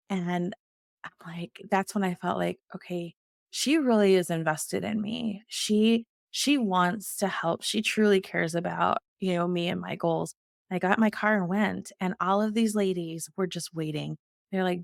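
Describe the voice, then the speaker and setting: A woman's voice: mid-range voice, normal speed, gravelly, no echo, clean studio sound. A middle-aged woman, a guest in an interview, telling her personal story earnestly and acting out the dialogue she quotes.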